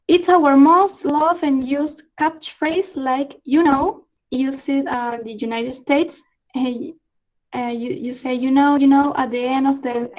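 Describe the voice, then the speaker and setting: Halting Peruvian woman, slow and high. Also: darkish tone, highs cut off. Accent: Peruvian Spanish. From Peru. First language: Spanish. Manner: halting, many fillers, laughs often. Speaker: student exchange presenter. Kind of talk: online slang lesson. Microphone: video call.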